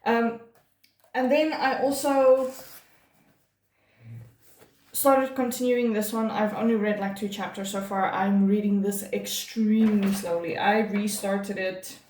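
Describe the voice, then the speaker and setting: A woman's voice: mid-range voice, level tone, takes it slowly, long pauses, darkish tone. Chatty gushing woman book vlogger. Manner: chatty and gushing, many fillers and restarts. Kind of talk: casual monthly reading wrap-up. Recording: echoey room.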